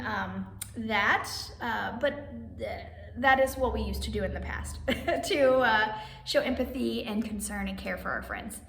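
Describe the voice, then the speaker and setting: A woman hosts a children's story time, reading aloud and teaching simple sign language in a cheerful, sing-song way, addressing the kids as friends. Her voice is on the high side, creaky and fairly bright. The recording has a roomy echo, a distant mic and faint background noise.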